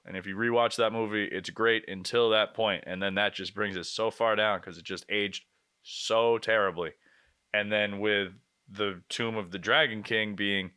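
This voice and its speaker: Bright, clear-voiced young man reviewing movies. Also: fairly low pitch. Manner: blunt, swears freely, quick asides. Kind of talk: casual monthly movie recap vlog.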